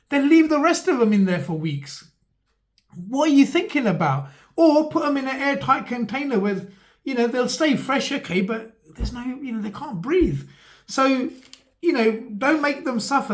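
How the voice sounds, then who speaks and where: Rambling mock-earnest man. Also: sits high. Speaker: vlogger. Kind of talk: casual comic monologue.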